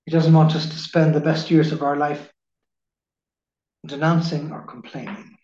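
A man giving a slow, measured spiritual reading in the manner of a preacher. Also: fairly high pitch, steady tone, darkish tone. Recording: echoey room, dull lo-fi sound.

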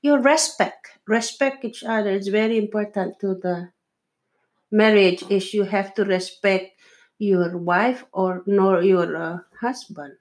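Slow, earnest woman giving marriage advice. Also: medium pitch. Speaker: podcast co-host. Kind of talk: casual chat with her husband.

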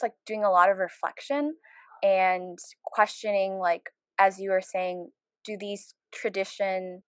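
A woman's voice: medium pitch, no echo. A young woman moderating a panel discussion, talking reflectively with many "like" fillers.

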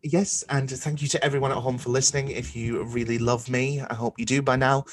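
A young man hosts a podcast in a casual, mid-pitched voice. He jokes at his own expense and speaks plainly to listeners. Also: flat delivery, fairly quick. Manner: joking, self-deprecating. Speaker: podcast host. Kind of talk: casual chat.

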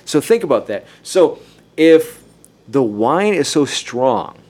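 A man's voice: fairly high pitch, sing-song, slow pace, a little mellow. A man hosting a casual group discussion. He laughs often, restarts his sentences and at times reads passages aloud.

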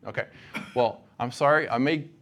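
A man's voice: mid-range voice, moderate pace, a bit bright. A man giving a college chapel sermon, casual and joking with the audience. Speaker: guest chapel speaker.

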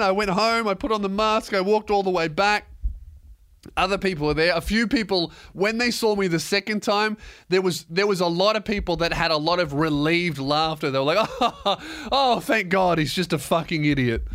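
Animated swearing podcaster man. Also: high voice. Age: 20s. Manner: swearing, animated storytelling, self-mocking. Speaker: podcast host. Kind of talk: casual solo podcast rant.

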